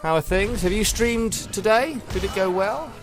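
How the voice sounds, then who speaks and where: A man's voice: sits high, moderate pace, soft background music. A man commentating his own gameplay live, chatty and wry, talking to his viewers while tired and yawning late at night. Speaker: game streamer.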